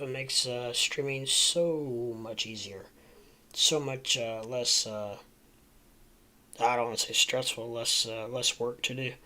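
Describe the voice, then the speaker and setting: A man's voice: mid-range voice, a bit bright. A man hosting a casual livestream from home, sleepy and rambling with lots of ums and uhs. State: sleepy, yawning. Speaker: livestream host.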